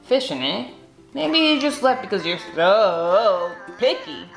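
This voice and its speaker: A woman's voice: mid-range voice, sing-song, slow pace, vocal fry, heavily acted. A woman doing Mac, a scruffy slurping monster. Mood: whiny, warning. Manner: slurping and whiny. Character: big scruffy slobbering boy monster. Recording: echoey room, faint music.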